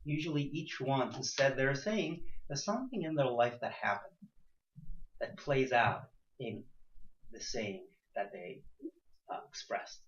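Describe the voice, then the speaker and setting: A man teaching a class, firing off rhetorical questions and swinging between quiet points and loud emphatic ones. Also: animated, unhurried, slight background noise. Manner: rhetorical questions, sudden rises in pitch and loudness. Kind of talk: class discussion. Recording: echoey room, dull lo-fi sound.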